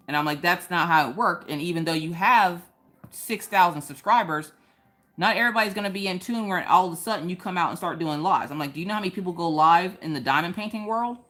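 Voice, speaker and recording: A young woman with a low-pitched voice chats casually while crafting on a livestream from home. She rants in an animated way and breaks into sudden high exclamations. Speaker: livestream host.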